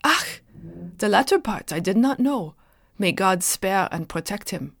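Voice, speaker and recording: A man's voice: high-pitched, animated, measured pace, a bit bright, dry recording, studio quality, heavily acted. A woman playing an elderly, dignified German clergyman with a German accent, speaking formally.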